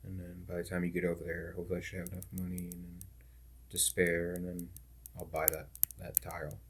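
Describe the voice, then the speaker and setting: A man's voice: low-pitched, monotone, fast, breathy edge. A man streamer chatting casually and rambling while he plays a game, full of "like" and "dude". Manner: laid-back, loose talk full of "like" and "dude". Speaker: gaming streamer.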